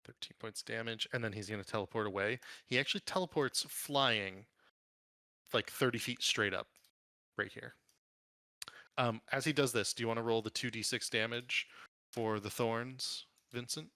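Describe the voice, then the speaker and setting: A man's voice: mid-range voice, normal speed, sharp tone, dry recording, studio quality. A man narrating a tabletop game as game master, describing the action in detail.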